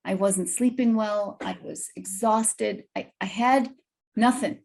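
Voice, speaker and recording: Woman, guest storyteller, animated, slightly gravelly, video call. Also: medium pitch, takes it slowly.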